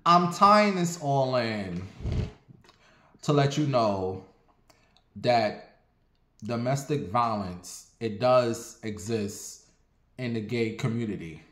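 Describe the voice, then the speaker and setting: A man casually telling a personal story on his vlog, animated and profane, with sassy asides. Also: medium pitch, takes it slowly, pauses often, roomy sound.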